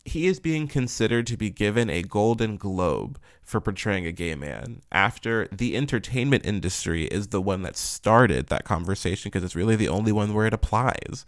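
A man's voice: fairly low pitch, expressive, normal speed, few pauses, no echo, studio quality. A man ranting in blunt, profane commentary, full of fillers and rhetorical questions. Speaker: commentary vlogger.

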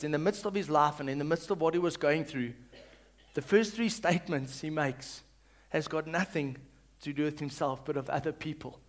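A male pastor reading scripture and preaching, swinging between loud calls and hushed reading and leading the congregation to repeat after him. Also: a little high. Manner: leads the congregation in call-and-response.

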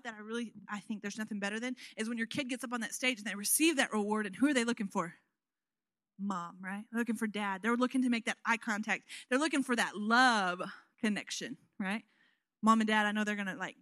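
Bright, animated woman preaching. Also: on the high side, no room sound, clean studio sound. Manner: chatty, animated storytelling with frequent "you know what?". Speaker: guest preacher. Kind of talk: sermon with personal stories.

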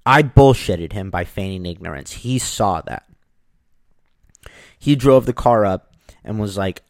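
A man casually telling a personal story, lively, acting out the people in it. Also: fairly low pitch, unhurried, pauses often, dry recording. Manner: animated, acts out the people in his story.

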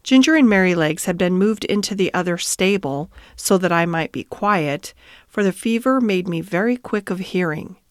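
A woman hosting and reading a bedtime story aloud in a calm, measured way. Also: on the low side, dry recording, studio quality. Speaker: host and storyteller.

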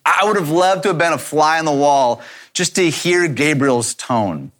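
A man's voice: a little high, lively intonation, normal speed, fairly bright tone. A man preaching a sermon, reading scripture and commenting on it in a conversational way, often repeating words as he thinks aloud. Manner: reads scripture then comments casually. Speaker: pastor.

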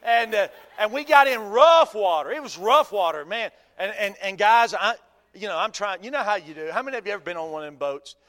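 A folksy male pastor preaching with a high, bright voice. He keeps the sermon animated with humor and questions to the congregation. His voice rings out with a long hall reverb, as in a church sanctuary. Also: fairly quick.

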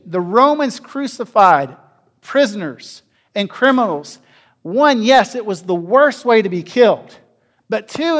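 Man, pastor, sermon, high voice, questioning the listeners, swings in loudness. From North America. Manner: asks the congregation questions, varies loudness widely.

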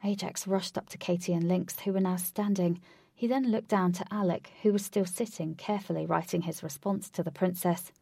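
A woman narrating an adventure story in a steady, clear storytelling voice. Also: fairly low pitch, fairly quick, dry recording, studio quality.

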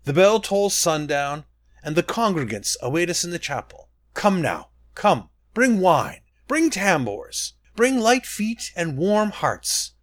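A man voicing a gentle, wise woman priestess who leads young novices. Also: mid-range voice, very animated, normal speed, few pauses, dry recording. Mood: joyful. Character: serene, playful woman priestess, the Sibyl.

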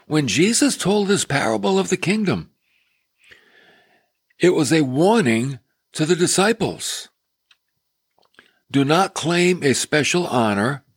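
A man teaches a sermon on a Bible passage, talking with a fairly high, husky voice that swings widely in pitch as he puts questions to his listeners. The sound is close and dry, with no room around it. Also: no room sound. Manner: animated, asks the listener questions. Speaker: pastor.

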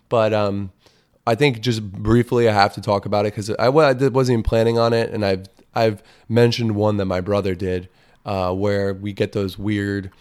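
A man hosting a podcast as a casual comedic monologue, rambling and profane, with crude jokes. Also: on the low side. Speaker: podcast host.

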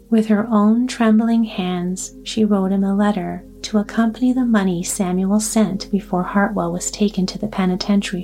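A woman tells a soothing bedtime story in a soft, slow, calm voice. Her tone is mellow at a middle pitch, with faint music underneath. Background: soft background music.

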